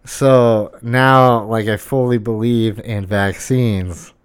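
A man's voice: mid-range voice, fairly even intonation, slow pace, hardly any pauses, clear, resonant tone, no echo, studio quality. A man hosting a podcast, ranting in a casual monologue, swearing a lot and sounding incredulous. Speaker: podcast host.

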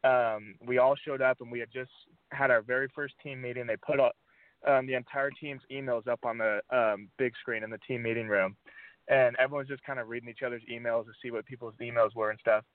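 A man's voice: medium pitch, brisk, no echo. Young male athlete on a phone line. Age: young adult. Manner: relaxed, many fillers. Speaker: college football player guest. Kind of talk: casual interview answers. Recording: dry phone-line audio.

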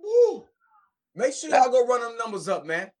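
A man hosting a casual live stream show, reacting to rap tracks in an excitable, slang-heavy way. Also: very high voice, a little fast.

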